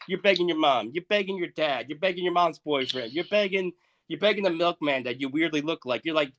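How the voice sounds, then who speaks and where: A man in his thirties co-hosting a podcast, delivering a crude, profane comedic rant that swings between loud outbursts and muttered asides. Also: on the high side, animated, fairly quick. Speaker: podcast co-host.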